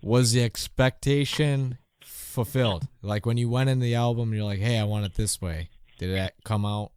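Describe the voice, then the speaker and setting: A man's voice: mid-range voice, steady tone, normal speed, darkish tone, clean tone, no echo. A man hosting a podcast interview, chatting casually and swearing freely, often trailing off mid-thought. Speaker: podcast host.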